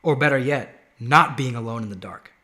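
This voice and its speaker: A man's voice: medium pitch, moderate pace, pushed and bright. A man hosting a Christian video show, talking animatedly and posing rhetorical questions to the viewers. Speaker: host. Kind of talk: faith video show monologue.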